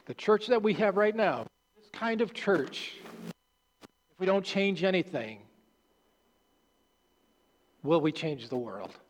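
A male pastor preaching a sermon, earnest and halting, restarting phrases and dropping low at the ends of lines. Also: expressive. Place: church sanctuary. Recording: long hall reverb.

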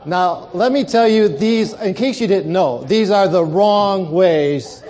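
A man's voice: sits high, takes it slowly, a little mellow, a little hiss or hum. A male pastor preaching a sermon, telling stories and asking the congregation rhetorical questions.

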